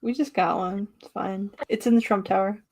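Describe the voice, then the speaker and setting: A woman on a casual comics podcast, tossing in dry, deadpan asides. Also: mid-range voice, normal speed, gravelly, poor audio. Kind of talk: casual chat.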